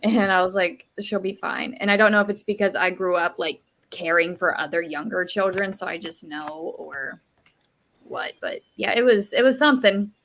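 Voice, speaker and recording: A young adult woman chatting casually on a stream, telling stories in an animated way. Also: lowish voice, moderate pace. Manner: animated, acts out voices in her anecdotes. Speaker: stream participant. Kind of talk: casual storytelling chat.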